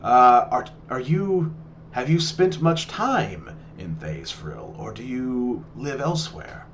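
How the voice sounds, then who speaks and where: Polite, formal royal prince, voiced by the game master; unhurried courtly manners. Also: male voice, mid-range voice, big pitch swings, a little hiss or hum. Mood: courteous.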